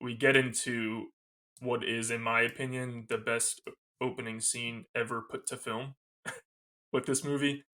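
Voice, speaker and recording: A man in his thirties co-hosting a podcast, gushing with excitement in casual film talk and laughing often. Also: mid-range voice, unhurried. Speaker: podcast co-host.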